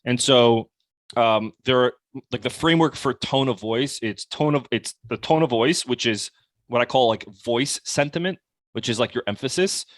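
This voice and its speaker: A young man talks through sales tactics in a relaxed, animated conversational way, filling his sentences with "like." His voice sits at an ordinary pitch. The recording is dry and close, with no room sound. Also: normal speed, no echo. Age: young adult. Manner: casual, animated, heavy use of "like". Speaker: podcast guest, sales coach. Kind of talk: conversational podcast interview.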